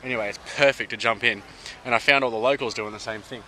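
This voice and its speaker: A man's voice: mid-range voice, steady tone, fast, sharp tone, a little hiss or hum. Chatty Australian man vlogging outdoors. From Sydney, Australia. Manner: chatty and upbeat, with slangy asides. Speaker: travel vlogger. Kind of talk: casual travel vlog to camera. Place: outdoors by a river on a hot day.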